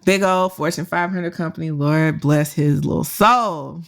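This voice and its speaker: Low, unhurried and creaky, a woman's voice carries a career podcast story. As host and career coach, she offers blunt advice full of slang and swearing, laughing frequently.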